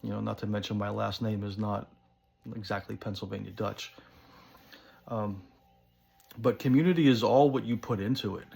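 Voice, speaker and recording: A man with a thick New Jersey accent talks in a loose, rambling monologue. He keeps slipping in "you know" and "um". His voice sits a little low and has a gravelly crackle. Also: fairly even intonation, moderate pace, long pauses, a little mellow, faint music behind. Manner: rambling, conversational, many fillers. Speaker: pipe-smoking channel host. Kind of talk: casual monologue to camera.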